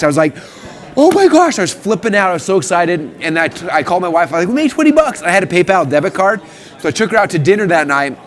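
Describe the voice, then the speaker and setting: A man in his thirties hosting a live stream, telling his story in a casual, eager, excitable way. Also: fairly high pitch. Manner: eager, excitable, talks in rapid bursts.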